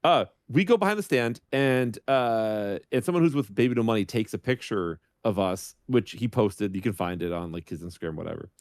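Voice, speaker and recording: A man's voice: fairly low pitch, fairly quick, few pauses, no echo. A man on a podcast casually telling a funny anecdote, acting out the voices of the people in it. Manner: animated, acts out voices in his anecdotes. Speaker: guest streamer.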